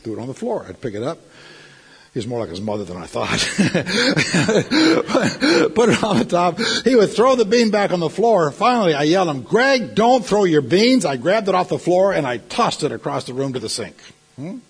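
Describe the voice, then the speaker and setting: A middle-aged male pastor delivering a sermon, telling stories and breaking into sudden loud outbursts. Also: a little high, big pitch swings, fast, slightly rough.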